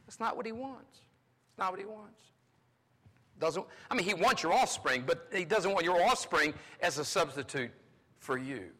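A male pastor from North Carolina preaching a sermon, swinging between loud exclamations and hushed asides. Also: high-pitched, lively intonation, normal speed. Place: large church sanctuary. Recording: long hall reverb.

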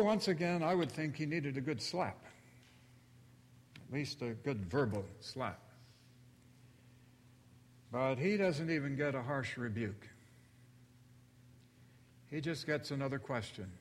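A male pastor preaching a sermon, telling the story slowly and deliberately and acting out the quotes. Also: a little high. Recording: long reverb of a large hall.

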